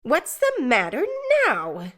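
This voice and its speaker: High, snappish, bossy sister, as a woman narrator puts her on for an audiobook. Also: wildly swooping pitch, slow, exaggerated voice. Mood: scolding. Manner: sharp, scolding. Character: sharp-tongued bossy older sister, shrill.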